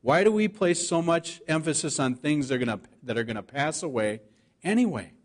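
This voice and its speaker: A man preaching a sermon, reading scripture aloud and slowing down to stress the key words. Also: on the high side, animated. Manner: earnest preaching, slows to stress scripture quotes. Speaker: pastor.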